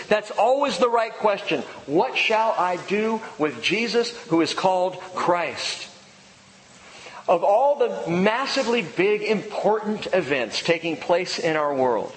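A man preaching a sermon as pastor, building with emphatic repetition and then dropping into a hushed prayer. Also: sits high, animated, measured pace, big-room sound, slight background noise, poor audio.

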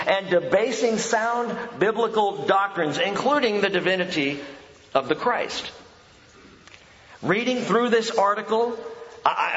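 Male pastor, high voice, conversational but emphatic sermon; dull lo-fi recording with long hall reverb. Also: a bit bright. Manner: conversational, emphatic preaching with rhetorical questions. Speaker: pastor and Bible teacher. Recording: echoey hall, dull lo-fi sound.

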